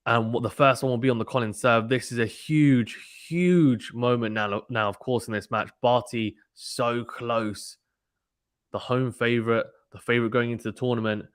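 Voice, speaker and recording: A man giving casual live play-by-play tennis commentary and reading out viewer chat, in a brisk, chatty manner with frequent ums and restarts. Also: medium pitch, little pitch movement, a bit bright, no room sound, studio quality.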